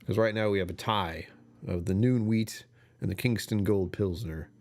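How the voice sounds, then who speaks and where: A young man hosts his own livestream, chatting casually and rambling while amused by himself. His voice is lowish and darkish in tone, at a normal speed.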